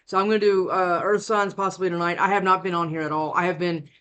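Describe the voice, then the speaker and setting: A woman's voice: lowish voice, little pitch movement, fast, fairly bright tone, clean tone, dull audio. A sleep-deprived woman reads tarot for her viewers from home, talking into a close mic. She rambles, trails off and starts her sentences over. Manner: rambling, with frequent restarts. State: worn out from lack of sleep. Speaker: tarot reader. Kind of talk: casual tarot reading to camera. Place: indoors at home. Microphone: desk mic, close.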